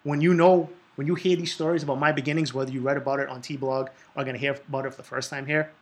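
A man's voice: mid-range voice, fairly even intonation, fast. A man in his thirties with a Boston accent, hosting a podcast in a blunt, emphatic monologue full of swearing. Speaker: podcast host.

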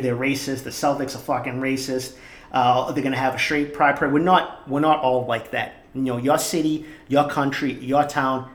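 A podcast host with a thick Boston accent rants on his own, swearing freely and hammering each point. His voice sits a little high for a man. The recording rings with room echo. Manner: heated, profane, emphatic. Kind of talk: solo podcast rant.

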